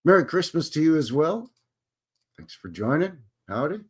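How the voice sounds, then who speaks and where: A man's voice: a little high, big pitch swings, normal speed, breathy edge. A Canadian man hosting a casual live stream, rambling and joking as he greets viewers by name. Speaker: livestream host.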